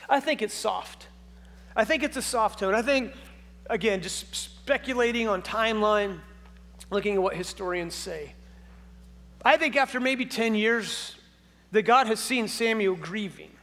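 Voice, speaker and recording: High-voiced male pastor in a reverberant church. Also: a little slow, fairly bright tone. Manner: conversational, asks the audience many questions, speaks with humor. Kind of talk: sermon. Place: church sanctuary.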